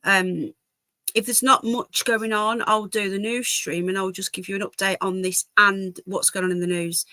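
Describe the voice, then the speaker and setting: A woman's voice: medium pitch, fairly even intonation, normal speed, sharp tone, dry recording. A woman hosting a casual live stream from home, chatting to viewers and her dogs. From England. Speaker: livestream host. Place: home, indoors.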